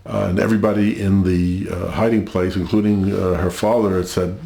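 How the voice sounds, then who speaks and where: An older man, an interview guest, recounts his family's history in a very deep, gravelly, creaky voice that is mellow and flat. He speaks slowly and haltingly in a measured way, pausing often and filling gaps with "uh" and "um". The room adds a noticeable echo.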